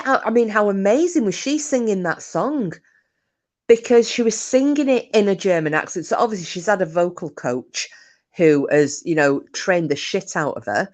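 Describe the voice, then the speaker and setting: Female streamer with a low voice, casual rambling host. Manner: chatty, rambling, chuckling asides. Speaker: livestream host. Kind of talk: casual chat reading viewer comments.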